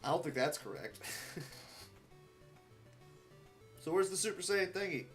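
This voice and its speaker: Male speedrunner, a touch high-pitched, muttering dry asides over faint game music. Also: very animated, unhurried. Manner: muttered, wry asides to himself. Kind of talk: live gameplay commentary.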